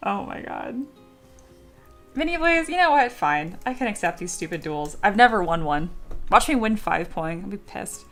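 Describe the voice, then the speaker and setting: A woman's voice: mid-range voice, expressive, unhurried, long pauses, a bit bright, faint music behind. A young woman streamer chatting casually with her viewers, swearing and playing up dramatic mock outrage. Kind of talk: casual live-stream chat.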